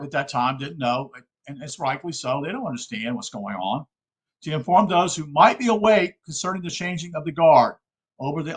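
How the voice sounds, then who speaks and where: Poor audio captures a fairly high-pitched male voice with a breathy edge. He's from South Carolina and gives an earnest, casual talk, addressing the audience as "folks" and regularly pausing to ask if they're okay with what he's said.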